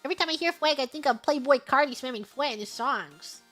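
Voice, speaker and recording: Young woman streamer, high bright voice, giggly and bubbly, reading superchats over faint music. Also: fast. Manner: bubbly, giggly, sings snatches of songs. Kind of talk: casual livestream chat.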